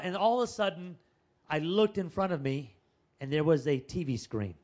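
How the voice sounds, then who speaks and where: Male pastor, high voice, chatty storyteller, animated, calls out to the congregation. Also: normal speed. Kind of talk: storytelling sermon.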